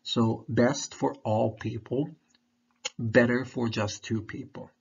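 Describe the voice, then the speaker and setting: A man's voice: medium pitch, fairly even intonation, slow, creaky, breathy edge. A man teaching an online English lesson, talking patiently and repeating his questions, with a throat candy in his mouth. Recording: dull lo-fi recording.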